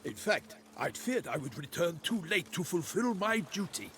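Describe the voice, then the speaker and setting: An actor playing a formal, dutiful knight in a video game, speaking with courtly diction. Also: male voice, high voice, big pitch swings, moderate pace, a bit bright, slight background noise.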